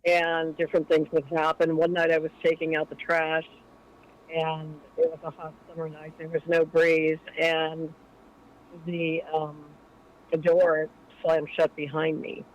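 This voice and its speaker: A woman's voice: sits low, a little slow, poor audio. A woman calling in to a late-night show, telling a long personal story in a chatty way and animating the voices of people she quotes. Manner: chatty, animated when quoting others. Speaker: caller.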